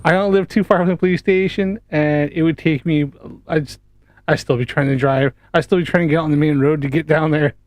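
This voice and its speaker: A man's voice: on the high side, fairly even intonation, a little fast, a little mellow, no echo. A man casually commenting over a video clip, mocking and swearing often. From Canada. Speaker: commentator reacting to a stream.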